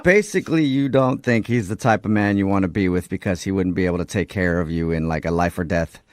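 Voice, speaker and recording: A man's voice: deep voice, slight background noise. A man hosting a morning radio show, steering the call with wry remarks. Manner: brisk, wry. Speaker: radio host.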